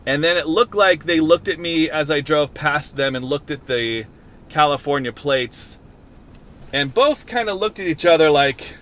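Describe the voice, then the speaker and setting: A man's voice: on the high side, normal speed, a bit bright. A man in his thirties vlogging casually to a handheld camera from his car, rambling and joking. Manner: rambling, playful, jokey.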